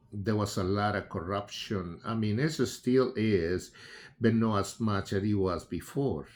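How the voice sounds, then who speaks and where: Slow-talking man. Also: fairly low pitch, a little mellow. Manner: unhurried, halting, with frequent fillers and restarts. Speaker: political commentator. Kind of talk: casual spoken commentary.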